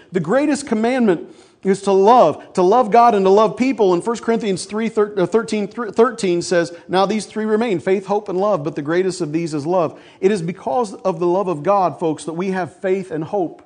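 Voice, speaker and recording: A man's voice: sits high, darkish tone. Folksy man preaching a sermon. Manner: folksy, addresses congregation as folks, asks for amens. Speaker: pastor. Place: church.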